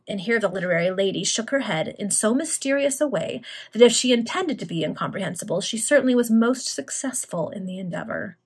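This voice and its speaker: A woman reads an old serial novel aloud among friends and is amused by the text. Her voice is breathy and of medium pitch. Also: animated, brisk, hardly any pauses. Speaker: reader. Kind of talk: reading a Victorian serial aloud.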